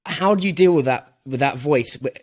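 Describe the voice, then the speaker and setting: A man's voice: medium pitch, moderate pace, a little mellow, husky. A man with an English accent hosting a podcast, asking long, searching questions full of fillers. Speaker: podcast host. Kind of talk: conversational interviewing.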